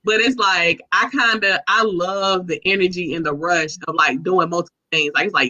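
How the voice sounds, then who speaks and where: A woman guest chatting casually, slangy and animated as she tells stories. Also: fairly low pitch, moderate pace, few pauses. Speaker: guest entrepreneur. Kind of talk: casual chat. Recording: dull lo-fi sound.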